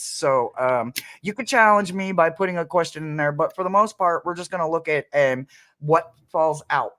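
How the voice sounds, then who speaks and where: A man's voice: sits high, a bit bright. A man hosting a tarot reading live stream, chatting playfully and laughing often as he greets viewers. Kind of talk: casual live-stream chat.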